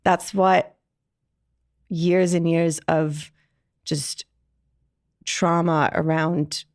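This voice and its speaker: A woman's voice: lowish voice, little pitch movement, extremely slow, no echo, studio quality. A woman from Iran, a podcast guest telling her personal story candidly, reflective and full of "like" fillers.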